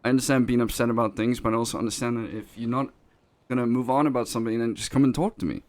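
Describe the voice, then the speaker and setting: A man's voice: mid-range voice, steady tone, rapid-fire, a little mellow, no echo, natural voice. Man as a blunt, profane boss, not a native English speaker, dry close sound, defends himself. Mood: defensive. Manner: profane, blunt, self-justifying, restarts words. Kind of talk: in-character role-play talk.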